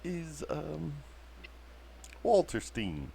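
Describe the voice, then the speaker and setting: A man's voice: on the high side, big pitch swings, extremely slow, creaky, dark tone. A man playing in a tabletop game, describing what his character does in a playful way. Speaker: player. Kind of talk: casual tabletop play.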